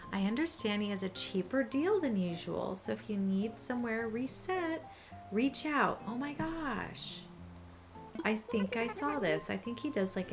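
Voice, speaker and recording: A woman hosting a casual video game vlog, talking excitedly and chatting straight to her viewers. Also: medium pitch. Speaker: gaming channel host. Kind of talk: casual gameplay commentary. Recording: background game music.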